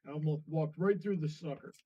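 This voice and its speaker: A man's voice: fairly high pitch, warm tone. Guy a bit far off the mic, dull muffled sound, rambly story w lots of ums. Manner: rambling, halting, many fillers. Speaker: co-host. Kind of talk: casual storytelling on stream.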